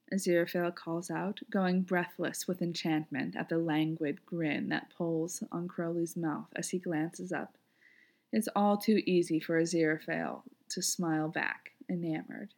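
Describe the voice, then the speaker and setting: A woman gently reading fan fiction aloud in a lyrical storytelling manner. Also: lowish voice, fairly even intonation, normal speed, creaky. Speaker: reader.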